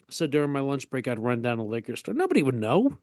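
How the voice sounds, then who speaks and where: A man co-hosting a podcast, telling stories casually and animatedly, jumping his voice up high when he acts out other people. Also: brisk, dry recording, clean studio sound. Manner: animated storyteller, jumps high in pitch to act out people. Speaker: podcast co-host. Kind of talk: casual storytelling chat.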